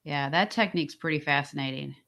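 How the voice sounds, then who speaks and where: Brief: woman host, very low pitch, curious questions, short agreeing replies. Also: a little fast, gravelly, a bit bright. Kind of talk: interview questions.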